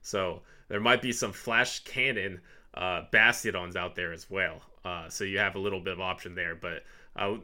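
A man's voice: sits low, steady tone, normal speed, pushed and bright. A man co-hosting a podcast, chatting casually and animatedly, laughing easily as he runs through his picks. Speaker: podcast co-host. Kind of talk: casual chat ranking picks.

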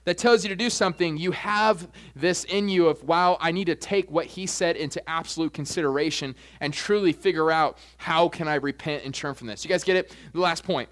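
A young man preaching a sermon as pastor, animated, jumping his voice up high when acting out quoted asides. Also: fairly quick, hardly any pauses.

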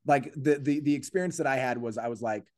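This male comedian talks at a quick pace, telling a story during a podcast interview and raising his pitch to act out quoted voices. He restarts often as he thinks out loud, and the audio is close and dry with no echo.

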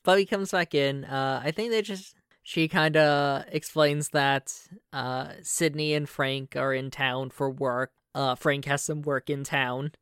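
Low-voiced woman running a tabletop game. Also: a little slow, clean tone, no room sound, studio quality. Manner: relaxed, many fillers. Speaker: game master.

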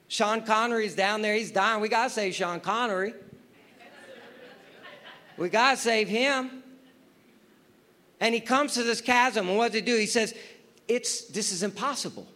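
A man preaching with a very high, bright voice. He drives each point home through repetition and throws rhetorical questions at his listeners in a sermon style. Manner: emphatic, repeats phrases, asks the audience rhetorical questions.

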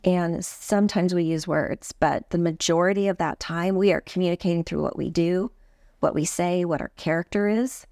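A woman with a lower voice talks through parenting advice as an interview guest, slipping into little quoted lines a parent might say. The sound is dry and close, with no room around it. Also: normal speed, vocal fry, no room sound. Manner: warm, explanatory, acts out parent-child quotes. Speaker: trauma expert guest. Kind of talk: podcast interview.

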